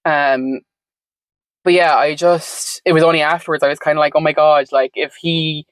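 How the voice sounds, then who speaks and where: A woman's voice: low-pitched, fairly even intonation, normal speed, dry recording, low-quality recording. A woman telling her story as a podcast guest in a reflective, meandering way, full of "like" and "um". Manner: reflective, meandering, frequent "like" and "um" fillers. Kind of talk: conversational storytelling.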